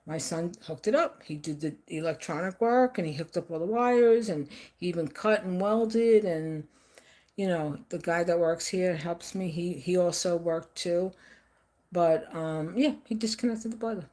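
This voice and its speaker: Older new lady live streaming, rambly and emphatic, kinda low voice. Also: unhurried, dark tone. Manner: rambling, emphatic, repeats herself. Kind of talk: casual live-stream monologue.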